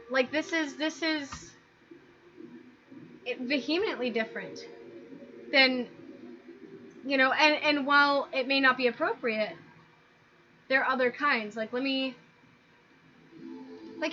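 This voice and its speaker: High-voiced woman ranting over music. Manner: animated, exasperated ranting with frequent "like". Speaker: video host. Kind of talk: casual commentary over images. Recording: dull lo-fi sound with background music.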